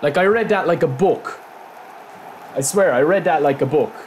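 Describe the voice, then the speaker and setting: Fairly high-pitched and at a normal pace, a man narrates his football video game match casually for viewers, slight background noise behind him. He's excitable, yelping and shouting at goals and big moments, with frequent chatty asides.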